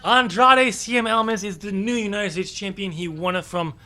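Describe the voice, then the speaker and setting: A man co-hosts a podcast in a loose, casual chat. His voice is fairly high and bright, and he talks in an opinionated way, full of ums. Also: normal speed. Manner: opinionated, chatty with frequent ums. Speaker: podcast co-host.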